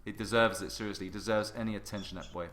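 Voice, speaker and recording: Excitable man chatting on a livestream. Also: fairly low pitch, rapid-fire, echoey room. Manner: chatty, excitable, reads chat aloud. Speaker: livestream host and artist. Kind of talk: casual livestream chat.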